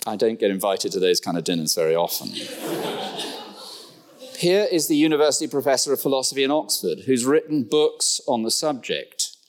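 A middle-aged man preaching a sermon in a church, with humorous asides and sudden jumps in pitch. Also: lively intonation, a little fast.

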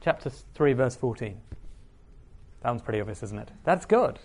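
A man's voice: medium pitch, wildly swooping pitch, normal speed, darkish tone, husky. A man preaching a sermon, reading scripture aloud and asking the listeners questions.

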